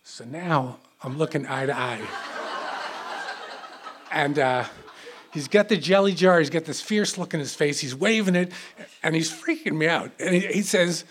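Male stage storyteller, high husky voice, animated and stammering. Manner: animated, halting with restarts. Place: theater stage before a live audience.

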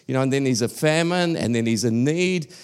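A man's voice: medium pitch, expressive, fairly quick, a little mellow, clear, resonant tone. A man giving a sermon at a church service, talking casually with frequent restarts and emphatic repetition. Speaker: preacher.

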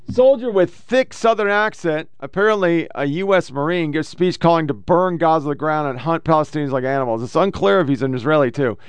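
A man's voice: mid-range voice, clean tone, no echo. A man hosting a political podcast, ranting with heavy profanity and reading posts aloud. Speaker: podcast host.

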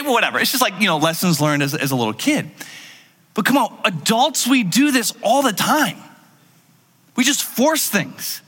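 Mężczyzna, pastor wygłaszający kazanie w żywym, gawędziarskim stylu, nagrany z długim pogłosem dużej sali. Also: male voice, high voice, big-room sound. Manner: lively conversational storytelling with acted-out quotes. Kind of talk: sermon.

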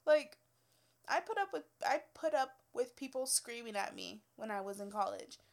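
Young woman, ex-hairstylist, slightly high voice, blunt swearing rant with frequent laughs. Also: expressive, moderate pace, gravelly. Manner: blunt, profane, exasperated, laughs often. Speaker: former hairstylist telling work stories. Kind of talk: casual storytelling rant.

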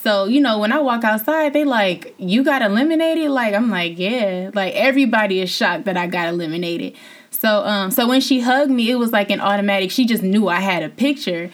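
Animated young woman telling her story. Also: fairly quick. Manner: animated, laughs, voice jumps high when indignant. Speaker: former reality show contestant, guest. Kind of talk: casual interview storytelling.

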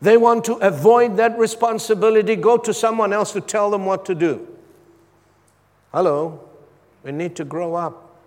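A man's voice: high-pitched, normal speed, pauses often, a little mellow. A man preaching a sermon as a pastor, asking his congregation for responses between points. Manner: preaching with call-and-response asides. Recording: long hall reverb.

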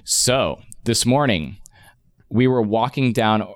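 A man's voice: mid-range voice, expressive, slow, dry recording, studio quality. A man in his forties telling a long anecdote in casual chat, rambling with many restarts and fillers.

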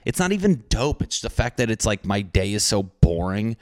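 A man hosting a rambling comedic monologue, excitable, profane and self-mocking. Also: on the low side, normal speed, no echo, studio quality.

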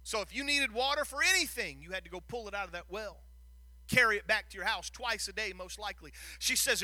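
A man preaching a sermon, retelling a Bible story with lively acted-out lines and frequent stumbles and repeated words. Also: sits high, brisk, dry recording.

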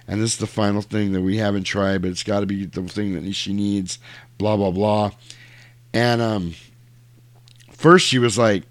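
A low-pitched man talks casually, retelling a film's plot and slipping into quick character voices. The sound is dry and close, with no room around it. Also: no room sound. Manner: animated storyteller acting out lines in quick voices. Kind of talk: casual chat retelling a movie.

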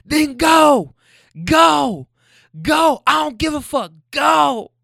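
A man voicing a furious young woman who screams in a street fight, shrill and very high. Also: lively intonation, drawn-out words, vocal fry, bright, forceful tone, no echo, studio quality, heavily acted. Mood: screaming.

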